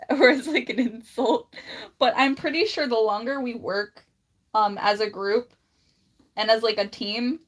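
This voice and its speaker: A woman chatting casually on a livestream, blunt and laughing often, with a slight lisp. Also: on the high side. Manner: blunt, laughs often, drawls words out slowly.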